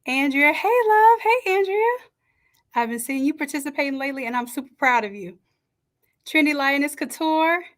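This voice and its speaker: A woman hosting a live stream from a home setup, chatting and greeting each viewer warmly by name. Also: sits high, fairly quick. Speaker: livestream host and design coach. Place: home setup with makeshift camera stand. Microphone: camera on a stand.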